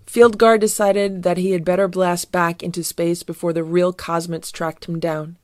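A woman reading a children's storybook aloud in an even, gentle way. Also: on the low side, moderate pace, few pauses, no echo, clean studio sound. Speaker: narrator.

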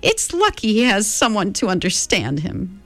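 A woman voicing an eccentric, cheerful old woman tramp with a creaky voice like an unoiled gate, drawn out and fond. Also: medium pitch, wildly swooping pitch, a bit bright, no room sound, faint music behind, voice pushed up. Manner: fond, chattering, slow and drawn out.

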